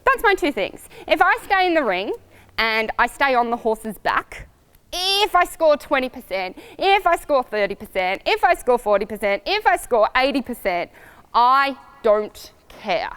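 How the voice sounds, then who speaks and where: A woman riding coach giving upbeat, lively advice to riders in a coaching video. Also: sits high, a little slow, smooth. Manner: lively and upbeat, acts out voices, laughs easily.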